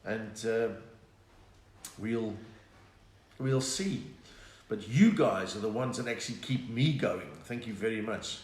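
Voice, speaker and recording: A man's voice: fairly low pitch, animated, slow, long pauses, echoey room. A South African man, a comedian, chatting casually from his home lounge, reading viewer comments and telling jokes. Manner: chatty, reads viewer comments aloud, slips into put-on voices for jokes. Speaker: comedian hosting a livestream. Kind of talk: casual live-stream chat and stand-up storytelling.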